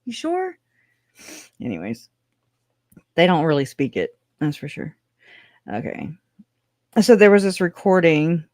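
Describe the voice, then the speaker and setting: A woman's voice: deep voice, animated, normal speed, long pauses, darkish tone, no room sound, studio quality. A woman hosting a true-crime livestream, reading case notes aloud in a casual, chatty way with sarcastic asides and slang. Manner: chatty and sarcastic, with frequent laughs; informal slang, says y'all.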